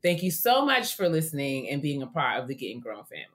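A woman's voice: extremely low pitch, sing-song, fast talker. A woman co-hosting a casual podcast, reading listener letters and cheering them on. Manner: warm affirming interjections, playful put-on voices. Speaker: podcast co-host.

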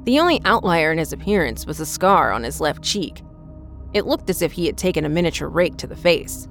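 Woman narrator, lowish pitch, steady scripted horror storytelling. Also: brisk, faint music behind.

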